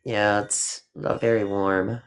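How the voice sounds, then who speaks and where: A woman's voice: a bass voice, little pitch movement, slow, clear, resonant tone, faint music behind. Chatty grandmother hosting a livestream. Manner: chatty, affectionate, swears casually. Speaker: livestream host. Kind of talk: casual livestream chat.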